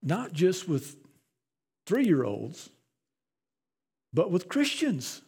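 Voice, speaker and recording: Guy with a high voice giving a sermon, chatty and loose, repeats himself a lot. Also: wildly swooping pitch, drawn-out words, a little mellow, breathy edge. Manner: conversational, repeats words. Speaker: pastor.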